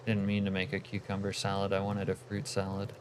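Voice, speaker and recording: A man's voice: deep voice, completely flat delivery, a little fast, noisy background. A man streaming a game, chatting with viewers and muttering asides, swearing freely. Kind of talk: casual gameplay commentary.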